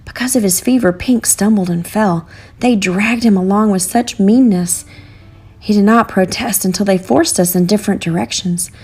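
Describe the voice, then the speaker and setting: A woman's voice: mid-range voice, normal speed, darkish tone, husky. Woman reading a storybook aloud. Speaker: narrator.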